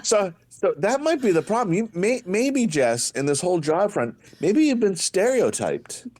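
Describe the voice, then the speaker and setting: A man's voice: high-pitched, moderate pace. A man co-hosting a comedy podcast, cracking crude teasing jokes. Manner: joking, animated, teasing. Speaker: podcast co-host.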